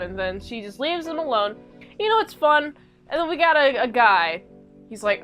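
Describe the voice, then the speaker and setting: Brief: casual woman reviewer, high voice, rambly and slangy, faint music underneath. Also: sing-song, moderate pace, a bit bright. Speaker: show reviewer. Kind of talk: casual episode recap.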